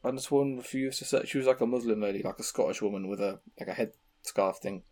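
A man's voice: on the low side, quick pace. Man, young adult, English accent, casual podcast chat, rambling, profane. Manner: swears freely, rambling animated storytelling. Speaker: podcast co-host.

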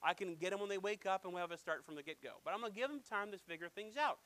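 A man's voice: sits high, racing, pushed and bright, rough recording. A man preaching as a pastor, emphatic and repetitive, telling stories from his own life. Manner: emphatic, repetitive, anecdotal storytelling. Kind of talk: sermon.

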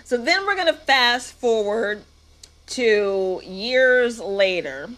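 Slow-talking woman recapping a movie. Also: on the high side, animated, fairly bright tone. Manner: sarcastic, playful. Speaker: movie reviewer.

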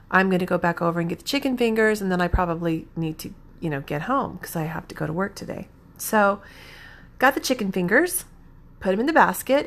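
A woman recounts a personal story, rambling and heartfelt, circling back to correct herself. Her voice has a gravelly, fry-laden edge at a middling pitch. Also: a bit bright.

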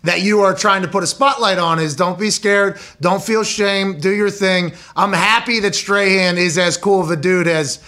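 A man's voice: high-pitched, moderate pace, few pauses, pushed and bright. A man hosting a podcast, enthusiastic and supportive in casual talk. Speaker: podcast host.

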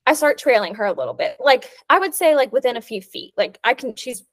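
A woman's voice: a little high, big pitch swings, brisk. A young adult woman co-hosting a podcast, telling a long story in casual chat, full of "like" fillers. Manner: chatty storytelling, many "like" fillers. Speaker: podcast co-host.

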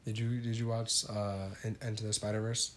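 Man chatting, halting for words. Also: lowish voice, flat delivery, a little hiss or hum. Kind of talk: casual chat.

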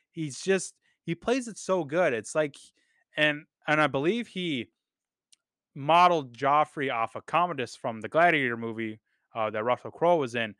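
An excitable man hosts a podcast in loose, unscripted talk, peppered with swearing and fillers. His voice is bright and crisp. The recording is dry and close. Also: mid-range voice, no echo. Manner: enthusiastic, profane, with frequent fillers and repeats. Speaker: podcast host reviewing a TV series. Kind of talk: casual unscripted review talk.

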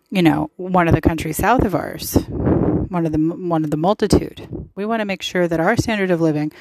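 Solo podcast host, woman, lower register, emphatic and rambling, dry close-mic sound. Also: vocal fry, no echo, low-quality recording. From United States. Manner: chatty, emphatic, with frequent fillers. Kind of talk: casual political commentary monologue.

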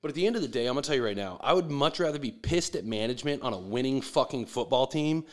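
A man's voice: mid-range voice, lively intonation, fast. A man delivering a profane, sarcastic sports rant with mocking asides.

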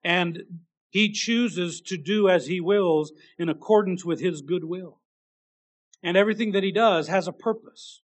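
Man, high voice, sermon, earnest, halting restarts, emphatic bursts. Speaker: preacher.

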